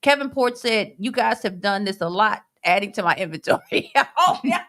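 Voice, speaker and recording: A woman's voice: medium pitch, moderate pace. Woman hosting a chill podcast, reads the chat out, laughing, big swoopy voice. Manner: laughing, animated, acts out quoted voices. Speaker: podcast co-host reading live chat. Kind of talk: casual chat.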